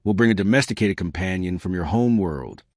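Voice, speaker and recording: A man voicing a tall, thin alien male professor who speaks in a measured, formal way. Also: deep voice, lively intonation, darkish tone, dry recording, studio quality.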